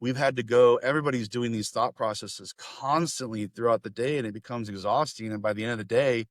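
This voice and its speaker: A man hosting a podcast in casual conversation, animated and laughing often as he talks in quick bursts. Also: mid-range voice, dry recording. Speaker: podcast host.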